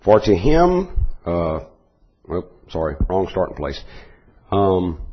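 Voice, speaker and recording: A man preaching a Bible teaching sermon, explaining verses in a measured way with restarts and asides. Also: deep voice, wildly swooping pitch, highs cut off.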